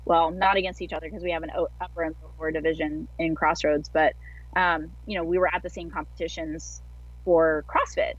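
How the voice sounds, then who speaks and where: A woman's voice: low voice, fairly even intonation, fairly quick, no echo. A woman guest telling her story in a casual interview over a video call, chatty and full of filler words. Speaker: guest athlete. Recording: dull lo-fi online call audio.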